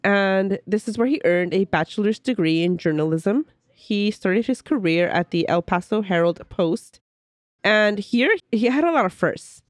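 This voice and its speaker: A woman's voice: mid-range voice, animated, normal speed, no room sound, studio quality. Chatty woman podcaster who sounds sick. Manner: chatty, laughs often, reads from notes. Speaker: podcast co-host. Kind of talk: casual history podcast storytelling.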